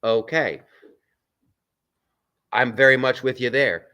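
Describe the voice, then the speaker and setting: A male host chats loosely on a live stream, reading viewer comments aloud and drifting between topics. His delivery is rambling and conversational, full of restarts and offhand asides. His voice sits at an ordinary middle pitch for a man. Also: slow, bright, forceful tone. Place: on a film set.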